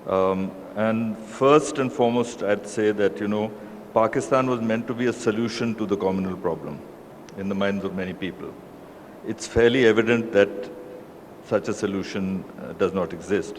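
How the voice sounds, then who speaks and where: A man with an Indian accent gives panel remarks in a deliberate, emphatic manner with frequent hesitations. His voice sits somewhat low and carries a long hall reverb. Faint ambient noise fills the room behind him. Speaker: panelist discussing a book.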